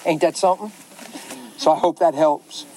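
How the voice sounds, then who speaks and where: Male pastor, storytelling talk, animated, laughs often, slightly high voice, faint background hiss. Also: normal speed, rough recording.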